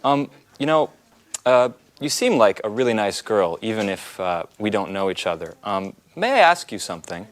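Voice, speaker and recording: Brief: a hesitant, stammering office guy flirting over the phone, expressive pitch, scripted skit feel. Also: moderate pace. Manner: hesitant, stammering, full of fillers. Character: awkward flirty man answering a colleague's phone.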